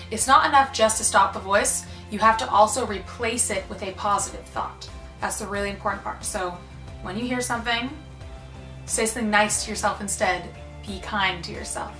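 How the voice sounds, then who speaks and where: A young woman talks earnestly to the camera, handing out advice in a bright, clear voice. Her voice rings in an echoey room, with faint music underneath. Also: mid-range voice. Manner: earnest, acts out inner voices. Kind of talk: casual advice talk to camera.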